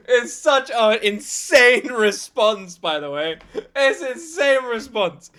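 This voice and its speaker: A British man hosting a reaction video, casual and excitable, exclaiming and laughing often. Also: extremely high pitch, takes it slowly, few pauses, smooth. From Britain.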